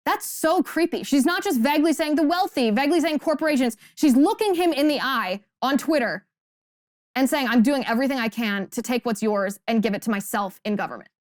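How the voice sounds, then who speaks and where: A woman's voice: on the high side, dry recording. Emphatic woman host, dry close sound. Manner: emphatic, indignant, rhetorical questions. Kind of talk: political commentary monologue.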